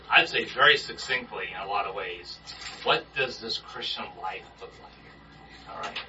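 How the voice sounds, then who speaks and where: A man's voice: medium pitch, bright, forceful tone, a little hiss or hum. Man leading a Bible study. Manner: conversational, asks the group questions. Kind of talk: informal sermon discussion. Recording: muffled distant room recording.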